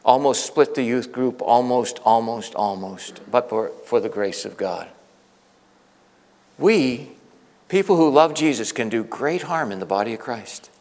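A man's voice: medium pitch, animated, unhurried, a little mellow. A middle-aged man preaching a storytelling sermon, earnest and conversational, often restarting his sentences. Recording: long reverb of a large hall.

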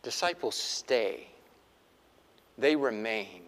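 A middle-aged man preaching a sermon in an animated way, acting out the voices he quotes. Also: a little high, normal speed, pauses often, big-room sound. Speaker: pastor.

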